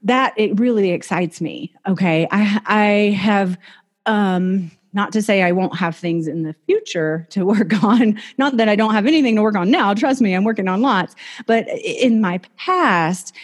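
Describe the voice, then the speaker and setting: A woman's voice: mid-range voice, unhurried. A woman life coach hosting her own show, giving a casual, enthusiastic motivational talk that encourages her listeners. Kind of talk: motivational self-help talk.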